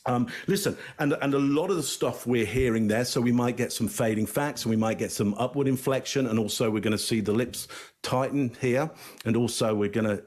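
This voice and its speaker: A man talks through his read of body language in a measured, deliberate way, leaning on fillers as he thinks. His voice sits in an ordinary middle pitch. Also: a little mellow. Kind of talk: casual panel analysis.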